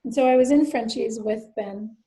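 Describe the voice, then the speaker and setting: A middle-aged woman from Nova Scotia, a writer speaking as a guest, telling a personal story in an earnest, reflective way that often drops into soft asides. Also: fairly high pitch, moderate pace. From Nova Scotia, Canada.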